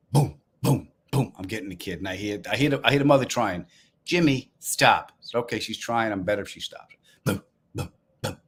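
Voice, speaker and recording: Man, Long Island accent, comedian, live-stream chat, wry deadpan storytelling. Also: lowish voice, husky. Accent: Long Island New York. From Long Island, New York. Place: apartment room, indoors.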